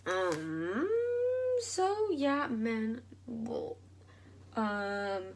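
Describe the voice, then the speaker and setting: A young woman vlogging to her channel, animated and rambling with many fillers, heated and frustrated. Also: a little high, drawn-out words, a little hiss or hum. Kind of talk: casual ranting vlog.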